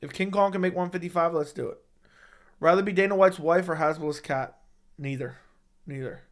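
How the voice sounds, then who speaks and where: A young man hosting a casual livestream, reading viewer comments in a laid-back, low-key way and swearing casually. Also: brisk. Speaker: livestream host reading chat.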